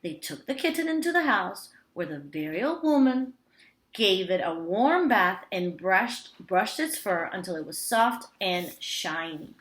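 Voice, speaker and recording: A woman teacher reading a picture book aloud to young children, with expressive storytelling. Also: medium pitch, measured pace. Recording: roomy echo.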